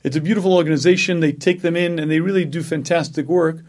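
A man delivers a religious sermon in a slightly raised register. He keeps clearing his throat between phrases. He drives points home by repeating key words. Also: on the high side, fairly even intonation, fast talker, a little mellow. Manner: frequent throat clearing, emphatic repetition. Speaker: rabbi giving a talk.

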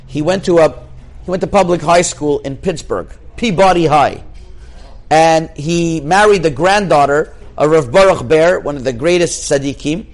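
Male rabbi, slightly high-pitched, expressive sermon delivery with Hebrew terms woven into English. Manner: expressive, drops to a hushed voice for suspense. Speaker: rabbi giving a Torah class.

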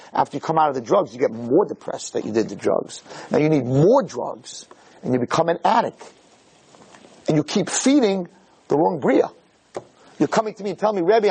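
A high, husky male voice that leaps all over its range. A rabbi gives an emphatic Torah lecture, drilling his points through repetition and rhetorical questions, dropping low and then climbing to near shouts. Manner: emphatic, repeats key phrases, rhetorical questions. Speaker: rabbi teaching a Torah class.

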